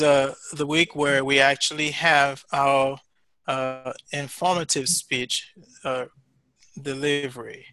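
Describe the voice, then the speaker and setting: A man's voice: on the high side, bright, forceful tone, dry recording. A man teaching a class, giving patient, encouraging feedback with many fillers and restarts. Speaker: instructor.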